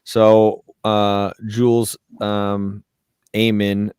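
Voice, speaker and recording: A man co-hosting a podcast, reading listener comments aloud in a measured way. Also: fairly low pitch, monotone, darkish tone, smooth, dry recording, studio quality. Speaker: podcast co-host. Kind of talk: casual podcast talk.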